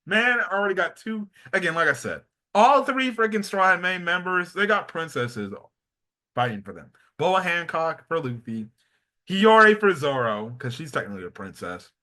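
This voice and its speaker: A young man giving a casual anime episode review, excitable, slangy and rambling. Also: high-pitched, normal speed.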